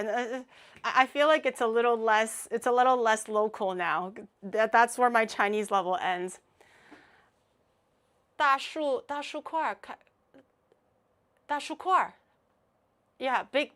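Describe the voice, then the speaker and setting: A woman streamer chats casually with her viewers in a slightly high voice. She is playful and giggly, laughs often, and rambles through long asides full of fillers. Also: measured pace, long pauses, fairly bright tone. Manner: chatty, rambling with many fillers. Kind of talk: casual livestream chat.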